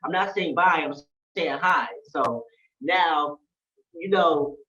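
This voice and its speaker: A man telling his own hard story in an earnest, repetitive way, with a fairly high voice for a man. He sounds set back from the mic in an echoey room, and the sound is dull. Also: slow, pushed and bright. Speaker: storyteller sharing a personal story. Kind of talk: emotional personal testimony. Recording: roomy, distant, dull-sounding.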